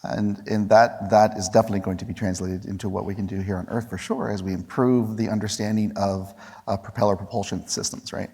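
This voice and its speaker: A man's voice: lowish voice, fairly even intonation, fairly quick, a little mellow, breathy edge. A man on a conference panel, explaining eagerly with examples and asking "right?". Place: large conference hall. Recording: long reverb of a large conference hall.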